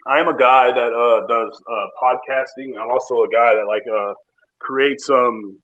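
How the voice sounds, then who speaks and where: A man's voice: medium pitch, fairly even intonation, measured pace, fairly bright tone. A man hosting a casual podcast, ranting in a profane, joking, rambling way while drinking. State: drinking bourbon while talking. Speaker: podcast host. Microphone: phone. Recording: tinny phone-app audio.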